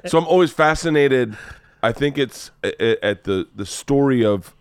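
A man's voice: mid-range voice, animated, normal speed, smooth, no echo. A man hosting a podcast, talking casually in a rambling way, stumbling over restarts and swearing freely. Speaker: podcast host.

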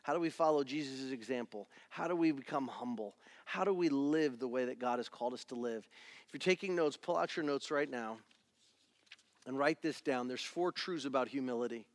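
A middle-aged male pastor preaching a sermon in a church, animated and acting out little family scenes. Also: medium pitch, a little fast, no room sound. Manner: animated, acts out family scenes in different voices.

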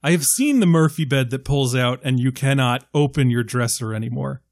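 A man on a podcast panel talking about a film in a casual, animated way, swearing freely and stressing his points. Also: medium pitch, fairly quick, dry recording, studio quality. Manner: animated, profane, emphatic.

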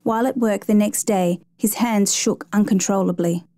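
A woman reading a true rescue story aloud in steady, measured scripted narration, lightly voicing the quoted lines. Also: medium pitch.

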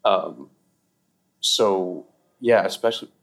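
Young male comedy guest, fairly low voice, rambling and animated, casual podcast chat. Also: takes it slowly, creaky. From Seattle. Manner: rambling, animated, lots of fillers and laughs.

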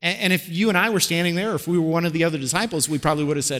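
A man's voice: on the high side, steady tone, rapid-fire, hardly any pauses, a bit bright. A man preaching a sermon as a pastor, telling the story in a conversational way and asking the listeners questions. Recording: long hall reverb.

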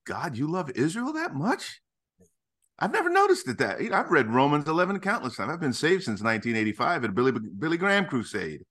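A middle-aged man, a ministry founder, talking as a guest in a podcast interview with emphatic, animated, preacherly storytelling. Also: a little high, racing, few pauses.

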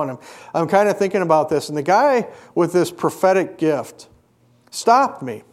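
A middle-aged male preacher delivering a sermon and telling a personal story, earnest, rising to emphatic peaks and dropping quiet. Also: fairly high pitch, moderate pace.

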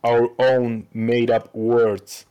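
A man from Chile talks slowly and unhurriedly as a podcast guest. His voice sits at a middle pitch and stays plain and easygoing. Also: completely flat delivery, mellow, smooth, lo-fi sound. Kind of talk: casual podcast chat.

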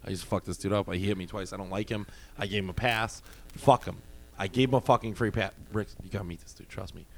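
A man telling a story in casual chat, animated and profane, often laughing. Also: low voice, fast, vocal fry.

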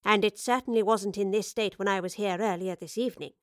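A woman's voice: mid-range voice, steady tone, brisk, dry recording, clean studio sound, lightly acted. Woman voicing a stern female professor. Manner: stern, clipped.

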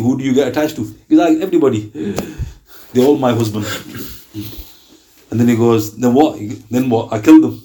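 A man preaching to a small gathering in a mosque, telling stories in a conversational, animated way. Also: medium pitch. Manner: conversational, animated storytelling with quoted voices.

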